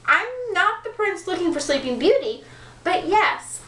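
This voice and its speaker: A woman's voice: very high voice, lively intonation, a little slow, fairly bright tone, voice pushed up, heavily acted. Woman doing a flustered frog prince. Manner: flustered, stammering, overly polite. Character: nervous polite young male frog prince. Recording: echoey room from far off.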